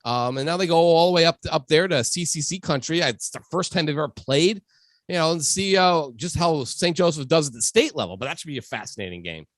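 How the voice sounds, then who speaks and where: A man hosting a casual high school football podcast, talking emphatically and swinging from loud to low. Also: brisk, dry recording. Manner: lively, emphatic, shifts between loud and low. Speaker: podcast host. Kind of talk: casual sports podcast chat.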